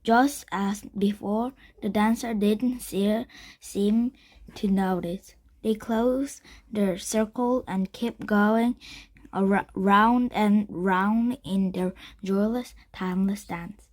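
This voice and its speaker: A woman reading a children's chapter book aloud, slowly and carefully, with slips she corrects. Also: medium pitch, steady tone, a little mellow.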